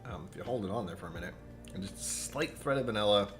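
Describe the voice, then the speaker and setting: A man with a fairly low voice chats casually through a whisky tasting on a live stream. He rambles from one topic to the next, pokes fun at himself and answers his viewers. Soft music plays faintly behind him. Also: animated, fast talker. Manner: rambling, self-deprecating, jumps between topics; chats to viewers and reads out their comments.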